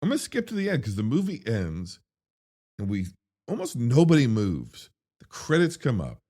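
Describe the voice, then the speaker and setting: A man hosting a film reaction, talking in an excitable, rambling way, swearing freely and getting animated when worked up. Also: normal speed. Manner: excitable and rambling, with profanity and big pitch swings when worked up. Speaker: movie reviewer host.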